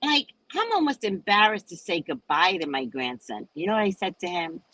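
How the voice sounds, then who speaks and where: A woman's voice: lowish voice, moderate pace, no echo, rough recording. An older woman from New Orleans with a New Orleans accent, chatting casually and telling stories animatedly to live viewers. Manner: animated storytelling with swings in voice. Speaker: host.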